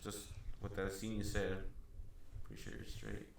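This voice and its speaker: A man's voice: on the low side, completely flat delivery, moderate pace, gravelly. A man co-hosting a podcast, chiming in with brief offhand remarks and casual swearing. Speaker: podcast co-host. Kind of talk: casual chat.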